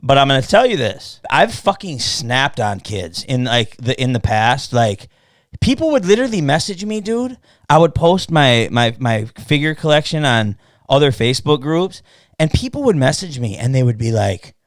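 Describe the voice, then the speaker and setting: A man hosting a casual podcast chat, telling stories loudly, cursing often, and mimicking people he quotes. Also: medium pitch, moderate pace, no room sound, studio quality. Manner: profane, animated storytelling with mocking quoted voices. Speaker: podcast host.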